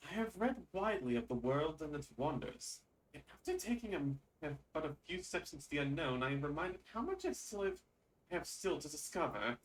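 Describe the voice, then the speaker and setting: A man's voice: a little high, sing-song, brisk, distant mic, rough recording. A man voicing an earnest young male scholar who speaks formally and politely.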